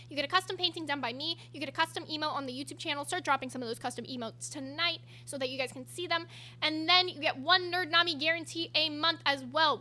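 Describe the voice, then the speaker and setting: Fast-talking high-voiced young woman. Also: bright, forceful tone, a little hiss or hum. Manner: rapid-fire speed talking. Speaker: stream co-host. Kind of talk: casual livestream chat.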